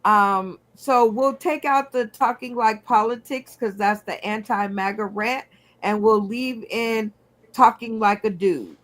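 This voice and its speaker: A woman hosting a comedy game show over a video call, playful and unhurried as she recaps everyone's picks. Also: mid-range voice, a bit bright.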